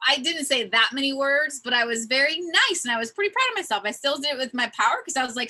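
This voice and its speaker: A woman hosting a casual spiritual conversation, telling stories in an earnest, animated way. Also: fairly high pitch, brisk, low-quality recording. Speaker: host.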